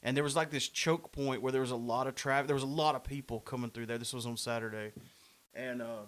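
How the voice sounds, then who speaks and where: A man's voice: medium pitch, fairly even intonation, quick pace. A man hosting a podcast in casual chat, telling a story with laughs and self-mocking humor. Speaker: podcast host.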